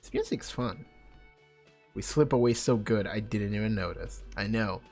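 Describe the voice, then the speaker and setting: A man's voice: lowish voice, normal speed, gravelly, a little mellow, faint music behind. A man streaming a video game, giggling and reading the on-screen text aloud in casual commentary. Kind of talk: casual let's-play commentary.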